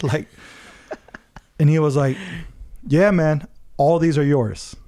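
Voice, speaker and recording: Animated man telling a personal story. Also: fairly high pitch, unhurried, long pauses. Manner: animated, laughs often, acts out quotes; many fillers and restarts. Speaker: podcast host telling his story. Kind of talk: casual storytelling.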